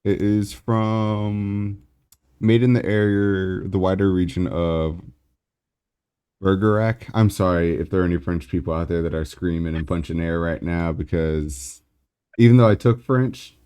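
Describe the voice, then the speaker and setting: A man on a casual podcast, measured and self-deprecating. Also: low voice, dark tone, clean tone. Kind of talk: casual chat.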